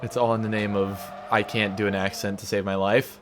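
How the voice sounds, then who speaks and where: A man's voice: on the low side, level tone, brisk, slight background noise. A man giving casual, rambling, self-mocking commentary while playing a racing game from home. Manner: rambling, self-mocking, sings silly stutters. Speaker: let's play gamer.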